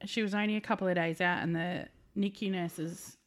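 A woman hosting a relaxed podcast conversation. She is playful and blunt, and she laughs easily as she tells stories in an easygoing way. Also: on the low side, moderate pace. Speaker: podcast host. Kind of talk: casual podcast chat.

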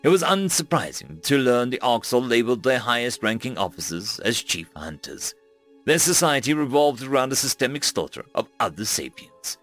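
A man reading a first-person science-fiction audiobook with dramatic flair. His pitch rises and falls in lively, animated swings, and his voice sits at a middle pitch over faint background music. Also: moderate pace. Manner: dramatic, expressive storytelling.

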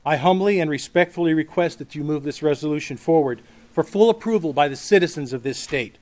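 A man's voice: a little high, a little fast, a little mellow. A man reading prepared testimony at a podium in a formal, earnest way. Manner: formal, earnest, speech-like delivery. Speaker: public witness at a legislative hearing.

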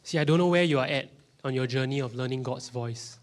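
A male pastor with a Singaporean English accent preaches to his congregation in a church hall. His delivery is animated, and he sometimes sinks into a near whisper to make a point. His voice sits at an ordinary middle pitch for a man. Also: brisk. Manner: animated, drops into whispers for emphasis. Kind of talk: sermon.

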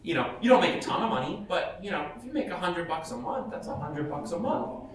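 A man's voice: high voice, animated, fairly quick. A man giving blunt, chatty advice to an audience as a professional cosplayer, laughing often and restarting his sentences. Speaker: professional cosplayer speaking at a panel. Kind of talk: casual advice talk to an audience. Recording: echoey hall, voice from far off, faint ambience.

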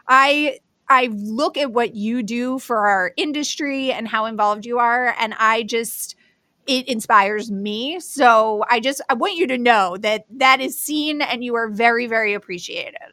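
A woman's voice: fairly high pitch, a little slow, sharp tone, no echo, clean studio sound. A woman co-hosting a podcast, effusive and enthusiastic as she welcomes a guest. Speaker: podcast co-host. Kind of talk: conversational interview.

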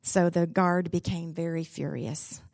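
A woman's voice: lowish voice, fairly even intonation, measured pace, vocal fry, a little mellow, dry recording. A woman, a pastor's wife giving a devotional talk in a folksy, candid, humorous storytelling way. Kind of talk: sermon-style devotional storytelling.

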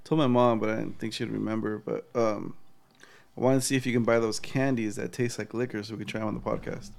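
A man co-hosting a podcast in relaxed casual chat, swearing casually. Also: lowish voice, fast talker, vocal fry. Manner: laid-back, swears casually. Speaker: podcast co-host.

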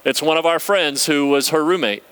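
A young man preaching a sermon, telling personal stories in a conversational, animated way and reading scripture aloud. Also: a little high, normal speed, smooth. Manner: storytelling, conversational, animated retelling.

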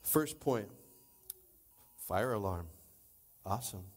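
A man preaching a sermon in church, animated, swinging between loud exclamations and low asides. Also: slow pace, husky. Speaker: pastor.

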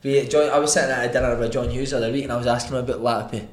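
A man with a Scottish accent hosting a casual football chat, prompting the guests with quick questions. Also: mid-range voice, steady tone, echoey room. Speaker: podcast host.

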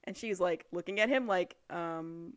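Woman on a podcast, lowish voice, super casual, lots of likes, dry close sound. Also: lively intonation, moderate pace, no echo. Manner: chatty, lots of fillers like "like", often laughing. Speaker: podcast co-host recapping a book. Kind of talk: casual chat.

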